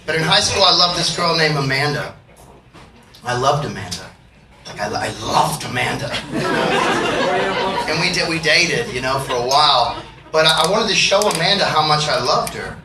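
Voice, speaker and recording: A man's voice: fairly high pitch, expressive, normal speed, long pauses. A man telling profane, joking stories to a concert audience between songs and acting out the people in them. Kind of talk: storytelling to a live audience. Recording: roomy far-off live recording with crowd noise.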